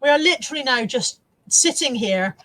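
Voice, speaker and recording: A woman's voice: high-pitched, animated, normal speed, a bit bright. A middle-aged woman hosting a casual live stream, chatting to viewers, laughing often and swearing freely. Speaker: live-stream host reading viewer comments.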